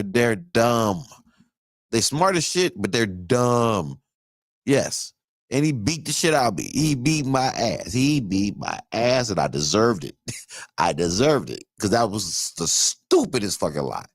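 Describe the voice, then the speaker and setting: A man's voice: medium pitch, no echo. A man in his thirties hosting a podcast, telling a loose, profane story in casual chat and laughing often. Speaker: podcast host.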